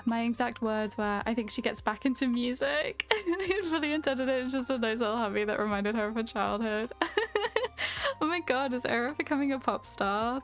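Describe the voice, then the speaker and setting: A woman streamer chatting casually, rambling with fillers and frequent giggles. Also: fairly high pitch. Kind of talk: casual chat. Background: lo-fi music.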